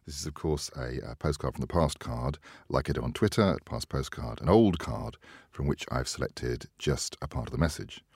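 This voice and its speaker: Male host, deep voice, relaxed chatty delivery. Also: normal speed, few pauses, husky, dry recording, clean studio sound. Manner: chatty, laughs often, trails off quietly. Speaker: podcast host. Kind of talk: casual chat.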